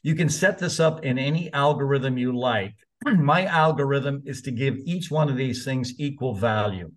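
Speaking at normal speed in a mid-range voice, a man in his seventies who coaches college soccer shares anecdotes. His storytelling is casual, chatty and frank, with a mild swear word here and there.

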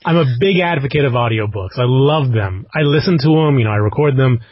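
A man's voice: medium pitch, expressive, a little fast, dry recording. A man hosting an interview, talking in an easygoing, encouraging way. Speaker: podcast host and audiobook narrator. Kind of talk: casual interview chat. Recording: dry, dull podcast audio.

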